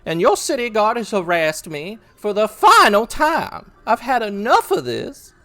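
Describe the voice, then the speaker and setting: A woman's voice: medium pitch, sing-song, measured pace, a bit bright. A woman putting on a flustered, genteel Southern lady with a Southern US accent, fussing and indignant. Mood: huffy. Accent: Southern US, put on.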